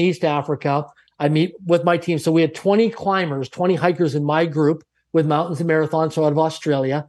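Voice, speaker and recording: A man's voice: a little high, a little mellow, slightly rough. A middle-aged man from Canada, a guest on an interview show, telling his life story in an emphatic, repetitive, self-assured way. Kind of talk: motivational storytelling.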